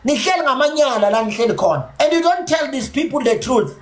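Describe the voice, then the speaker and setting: A man's voice: very high-pitched, lively intonation, fast talker, a little hiss or hum. Combative South African man ranting on a livestream. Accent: South African, Zulu. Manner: combative, profane, mixes English with Zulu. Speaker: livestream host. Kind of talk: heated livestream rant.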